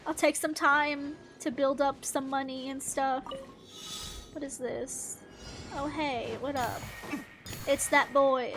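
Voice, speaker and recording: Giggly high-voiced young woman gaming. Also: takes it slowly. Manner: excitable, giggly, rambling chatter with sudden yelps. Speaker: gaming channel host. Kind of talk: casual gameplay commentary. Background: game music.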